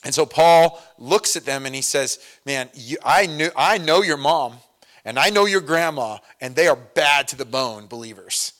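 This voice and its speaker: A man's voice: a little high, lively intonation, normal speed, a bit bright. A middle-aged man pastor giving a conversational sermon, telling personal stories with self-deprecating humor and occasional laughs.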